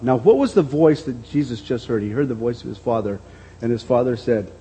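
A man with a mellow, dark, slightly husky voice preaching a sermon. He reads scripture aloud and explains it at an unhurried pace. He often doubles back on his words as he goes. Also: mid-range voice, rough recording. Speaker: pastor.

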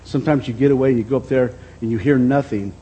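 A middle-aged man preaching a reflective sermon as a pastor, dropping to a soft voice and then lifting it again. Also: mid-range voice, fast, highs cut off, slight background noise. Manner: reflective, speaks softly then lifts his voice.

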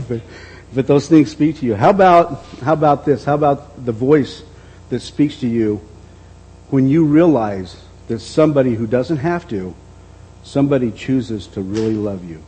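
A middle-aged man preaching a reflective sermon as a pastor, dropping to a soft voice and then lifting it again. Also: mid-range voice, moderate pace, husky, low-quality recording. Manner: reflective, speaks softly then lifts his voice.

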